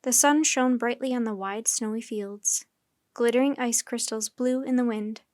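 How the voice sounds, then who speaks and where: A woman storyteller reading a children's chapter book aloud in steady, clear narration. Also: a little high, normal speed, no room sound, studio quality.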